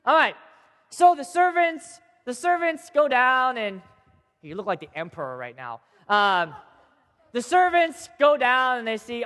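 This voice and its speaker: A man teaching a group of kids, telling a Bible story in a chatty, animated way and checking in with them often. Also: very high voice, unhurried. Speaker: youth teacher. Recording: long hall reverb.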